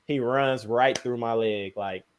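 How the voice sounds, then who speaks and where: A young man, a podcast guest, telling a basketball injury story in casual, slangy, animated speech. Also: unhurried, slight background noise. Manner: animated, slangy, sound words like "boom, bam".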